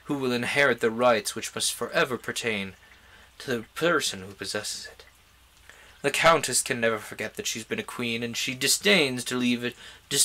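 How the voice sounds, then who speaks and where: A man's voice: medium pitch, pushed and bright, close to an everyday voice. A man reading a novel aloud, voicing an ambitious, haughty young nobleman in a grand, declamatory way.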